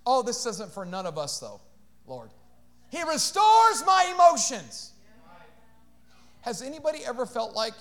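Pastor, male, very high voice; animated sermon delivery, loud shouted peaks dropping to hushed asides. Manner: animated preaching, shifts between shouting and hushed asides, call-outs to congregation.

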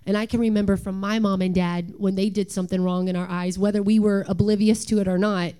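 A woman's voice: mid-range voice, flat delivery, fast, smooth. A woman in her thirties, a worship leader hosting an earnest, confessional church talk about parenting. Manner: earnest, confessional, with gentle laughs.

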